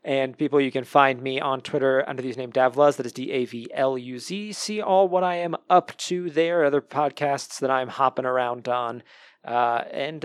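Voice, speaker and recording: A man's voice: mid-range voice, expressive, normal speed, no echo. A man hosting a podcast in casual chat, upbeat and joking with his guests. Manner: jokey and upbeat. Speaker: podcast host.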